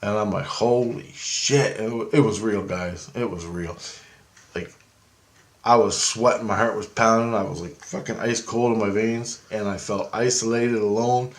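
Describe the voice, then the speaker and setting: Man, casual storytelling, rambling, excitable, fairly low voice, swears a lot. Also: moderate pace. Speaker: vlogger.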